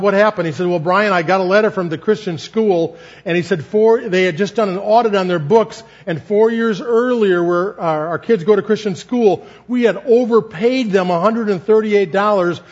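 A man's voice: sits high, muffled recording. A man preaching a sermon, telling a personal story and acting out the dialogue in earnest.

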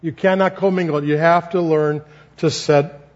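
Male preacher, high-pitched, earnest storyteller, slightly muffled recording. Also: steady tone, normal speed. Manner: storytelling, acting out dialogue, earnest. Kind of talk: sermon teaching with a personal story.

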